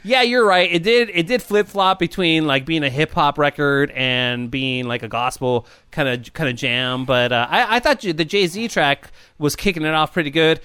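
A man co-hosting a casual podcast chat, animated, quick to laugh and repeating words as he talks. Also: on the high side, clean tone, no echo. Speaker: podcast co-host.

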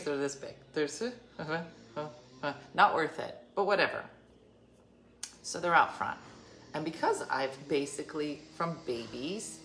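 A middle-aged woman telling a rambling personal story to her viewers, acting out the dialogue in changing voices and sometimes dropping to a whisper. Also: low voice. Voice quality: chatty, animated, acts out dialogue in shifting voices and whispers. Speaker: vlogger. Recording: echoey room with faint background noise.

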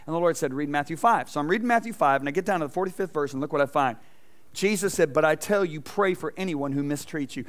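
A middle-aged man preaching an energetic sermon to a congregation, telling stories with acted-out voices and swinging between loud and soft. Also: on the high side, quick pace. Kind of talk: energetic sermon with stage demonstration. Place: church stage before a congregation.

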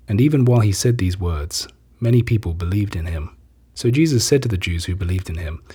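A man narrating a scripture reading in a steady, plain delivery. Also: sits low, brisk, breathy edge.

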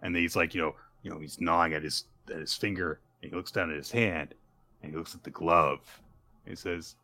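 A man co-hosting a casual podcast, retelling a manga chapter and acting out its characters' lines in quick voices. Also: sits low, steady tone, sharp tone. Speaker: podcast co-host. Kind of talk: casual manga recap chat.

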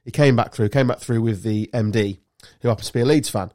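A man's voice: medium pitch, fast talker, a little mellow, no room sound, studio quality. A man from England hosting a casual football chat podcast, joking and bantering with friends. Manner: joking, banter-filled, sweary. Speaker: podcast host.

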